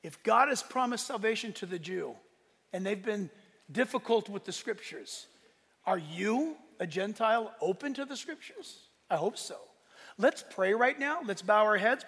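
A man's voice: high voice, expressive, normal speed, a bit bright, husky. A man preaching a sermon as pastor, impassioned, swelling and dropping in force. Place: church sanctuary. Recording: long reverb of a large hall.

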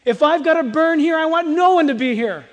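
A tormented rich man, played by a preacher, begs in raised, desperate cries. The voice sits high and rings with the long reverb of a large sanctuary. His pleas sound urgent and anguished. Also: brisk. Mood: pleading.

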